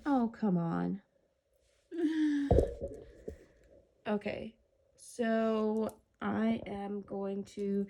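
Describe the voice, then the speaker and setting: A let's play host, a woman with a mellow, medium-pitched voice, gives casual, rambling gameplay commentary. She's chatty and hums to herself between remarks.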